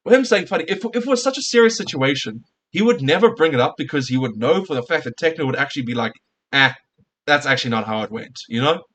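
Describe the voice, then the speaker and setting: A man's voice: fairly high pitch, expressive, quick pace, few pauses, breathy edge. A male streamer in a casual reaction rant, heated and profane, firing off rhetorical questions at his viewers.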